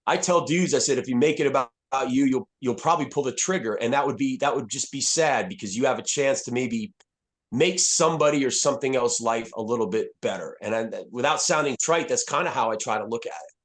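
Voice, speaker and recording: Brief: man, 50s, retired soldier on a podcast, blunt and profane, mid-pitched, candid storytelling. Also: fairly quick. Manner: blunt, profane, frequent restarts and fillers.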